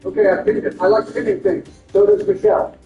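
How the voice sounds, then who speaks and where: High-voiced man bickering in crude impressions. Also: big pitch swings, brisk, gravelly. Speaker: gameplay commentator. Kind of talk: comedic game commentary. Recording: roomy, distant, muffled, with music.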